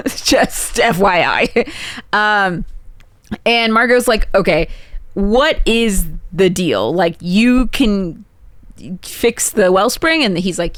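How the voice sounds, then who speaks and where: A woman co-hosting a podcast, retelling a scene quickly and chattily, with lots of "like" and asides. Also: medium pitch, lively intonation, fairly bright tone, dry recording. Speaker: podcast co-host. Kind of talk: casual recap chat.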